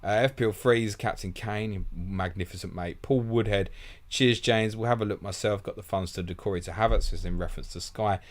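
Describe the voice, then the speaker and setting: Deep-voiced English man hosting a live stream. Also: brisk. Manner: chatty and blunt, swears casually, calls viewers mate. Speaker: fantasy football stream host. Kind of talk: casual live-stream chat answering viewer questions.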